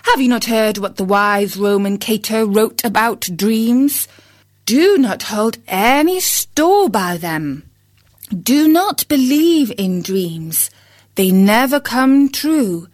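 A fussy, practical hen from a storybook, scolding in a slightly raised voice and a slow, careful pace. A woman puts her on while reading. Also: fairly high pitch, animated, darkish tone, no room sound, clean studio sound. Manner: scolding, brisk.

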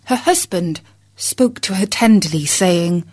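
A woman reading a fable aloud as the narrator, in a measured storybook style. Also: mid-range voice. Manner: slow, measured.

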